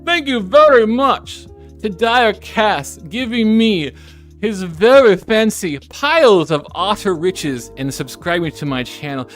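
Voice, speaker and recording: Woman streamer, casual chat: giggly and chatty, voice leaping up and down, soft music under it. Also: medium pitch, expressive, unhurried. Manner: giggly, chatty, self-correcting asides. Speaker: VTuber streamer. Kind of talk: casual live-stream chat, reading chat messages.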